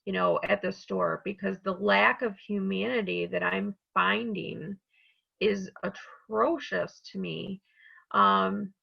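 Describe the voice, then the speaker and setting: A woman's voice: mid-range voice, steady tone, slow, gravelly, husky, muffled recording. A woman on the staff of a community college, speaking earnestly and from the heart in a webinar panel discussion over a video call.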